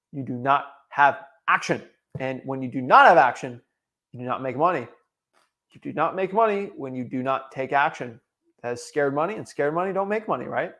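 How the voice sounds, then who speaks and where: A young man hosting a livestream, talking in an animated, emphatic way and driving his points home by repeating them. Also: a little high. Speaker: host. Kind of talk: motivational livestream talk.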